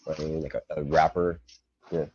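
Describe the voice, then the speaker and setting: A man's voice: extremely low pitch, little pitch movement, fairly quick, mellow, highs cut off, a little hiss or hum. An older American man in a rambling, profane casual chat on a live stream, often stopping and restarting. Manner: rambling, profane, self-interrupting.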